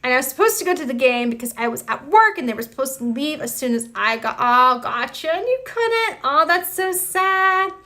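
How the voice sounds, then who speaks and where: A woman's voice: sits high, big pitch swings, a little fast, few pauses, sharp tone. A young woman hosting a live stream, chatting casually, greeting viewers by name and reacting with lots of exclamations. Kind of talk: casual chat reading viewer comments.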